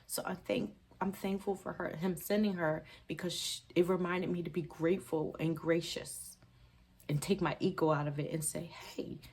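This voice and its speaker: A woman's voice: lowish voice, fairly even intonation, normal speed, a little mellow, husky. A woman hosting a budgeting channel, talking casually and emotionally to camera, rambling and correcting herself as she goes, with a gap in her teeth. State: tearful at times.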